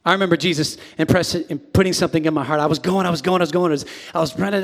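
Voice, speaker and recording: A man in his forties delivers a lively sermon from the pulpit, dropping to a near hush and then bursting into shouts. His voice sits a bit higher than most men's. The sound rings out with the long reverb of a big sanctuary. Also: rapid-fire, vocal fry. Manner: animated, swings from hushed to shouting. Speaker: pastor. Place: large church sanctuary.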